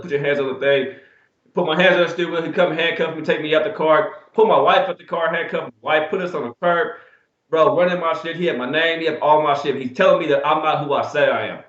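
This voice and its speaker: A quick-talking man co-hosts a sports betting show in a loose, slangy style, cursing freely as he tells a story. His voice bounces around a roomy space, and the recording sounds dull and lo-fi. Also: on the high side. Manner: animated, swearing, slangy storyteller. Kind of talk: casual storytelling and betting talk. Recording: echoey room, dull lo-fi sound.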